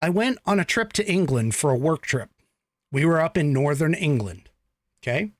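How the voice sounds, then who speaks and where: A man's voice: fairly high pitch, expressive, normal speed, dry recording. A man from the United States hosting a podcast, giving a blunt, emphatic political commentary monologue with profanity. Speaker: podcast host.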